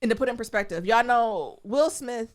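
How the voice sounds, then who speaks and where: Lively woman podcast co-host. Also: a little high, normal speed. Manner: animated, laughing, slangy storytelling. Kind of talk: casual chat.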